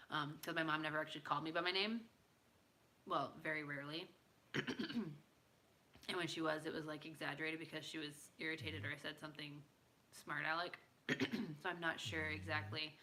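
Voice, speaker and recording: Tired late at night, a woman hosts a live stream and chats with viewers in a bubbly, playful way. She is a native English speaker with a low, sharp voice, and there's slight background noise.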